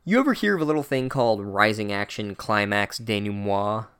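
A man's voice: fairly low pitch, animated, a little fast, a bit bright, clear, resonant tone, voice pushed down. A man voicing an old wizard headmaster who talks in an offhand, breezy way in a comedic recap. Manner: offhand, casual, flippant.

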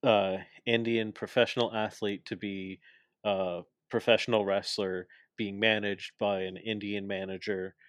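Brief: young male co-host, lowish voice, dry close sound, opinionated rambling talker. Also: level tone, unhurried, no room sound. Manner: opinionated, explains at length with many fillers. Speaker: podcast co-host. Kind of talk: casual chat.

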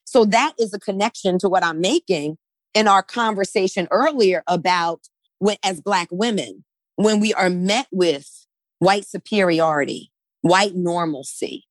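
A woman's voice: mid-range voice, unhurried, dry recording. Woman guest in a conversation, emphatic, keeps tagging points with "right?", mid-range voice, close dry sound. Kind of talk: conversational discussion.

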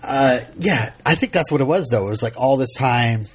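Guy on a podcast going over an episode, kinda husky, lots of ums and uhs, pretty chatty and meandering. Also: mid-range voice, expressive, fairly bright tone. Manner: rambling, halting, with frequent fillers and laughs. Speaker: podcast co-host. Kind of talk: casual episode recap chat.

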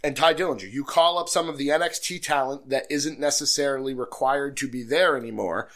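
A man's voice: medium pitch, brisk, a bit bright. A man co-hosting a casual podcast, joking around and reading listener emails aloud. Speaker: podcast co-host. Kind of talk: casual chat.

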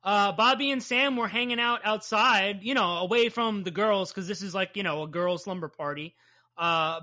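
A woman's voice: medium pitch, pushed and bright. A woman in her thirties hosting a comic book podcast, chatting casually and enthusiastically with plenty of swearing. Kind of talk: casual chat recapping a comic.

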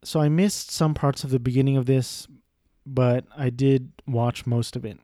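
Male reviewer, casual rambling delivery with profanity, warm low-key tone, dry room. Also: fairly even intonation, normal speed, no echo. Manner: rambling, profane, self-deprecating. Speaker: movie reviewer. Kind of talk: casual movie review monologue.

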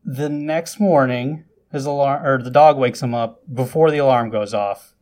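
A man casually retelling a film's plot for a podcast, chatty and loose, with frequent asides and lively bursts. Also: mid-range voice, normal speed. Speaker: podcast host recapping a film. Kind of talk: casual film recap.

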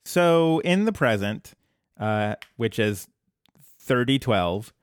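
A man's voice: mid-range voice, animated, slow pace, clear, resonant tone, dry recording, studio quality. A man co-hosting a podcast in casual chat, rambling and self-deprecating with lots of ums. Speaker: podcast co-host.

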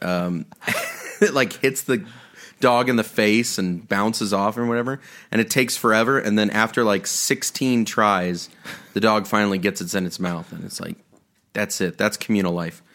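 Young guy cracking jokes in a low voice, animated storyteller, casual chat at home. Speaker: podcast co-host. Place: room at home.

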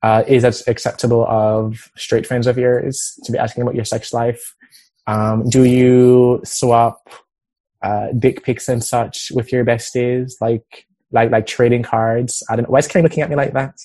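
A man's voice: mid-range voice, level tone, normal speed, warm tone. A man hosting a podcast, chatting loosely and teasing his co-hosts. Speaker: podcast host. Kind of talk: casual podcast chat.

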